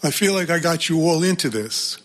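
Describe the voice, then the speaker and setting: A man's voice: on the high side, animated, brisk, fairly bright tone, pitched above the performer's own voice. Earnest young boy leader read by a man, protective, pleading.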